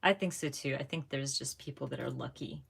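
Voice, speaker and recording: A woman hosting a casual live craft stream from home, chatty and laughing often, her voice jumping up when she gets excited. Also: a bass voice, brisk, creaky, breathy edge. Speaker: craft channel host.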